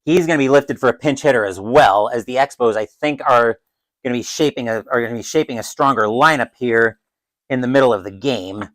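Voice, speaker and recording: A man calling a tabletop dice baseball game as a solo play-by-play announcer, who gets loud and excited on big plays. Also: medium pitch, a little fast, poor audio. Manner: adds his own crowd cheers.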